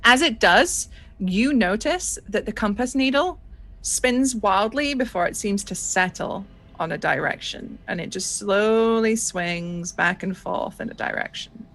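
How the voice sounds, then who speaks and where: A woman acting as game master, narrating a scene casually. She swears freely, jokes at her own expense, and speaks at a middling pitch for a woman. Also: animated, measured pace, fairly bright tone.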